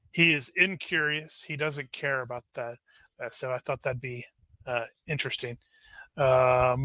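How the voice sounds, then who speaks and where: A man talking over his character with his game group in a chatty, joking way. His voice is strikingly bright and tense, and the sound is dry and close. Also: on the high side, clean tone, dry recording. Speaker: player. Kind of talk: casual tabletop session chat.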